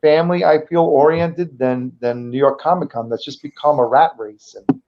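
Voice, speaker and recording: A man talks as a guest on a relaxed podcast. He is eager and rambling, and he often starts his sentences over. His voice sits slightly high, and the sound is dull and lo-fi. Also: normal speed. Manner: enthusiastic, rambling with restarts. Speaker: guest comic vendor. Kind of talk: casual podcast chat.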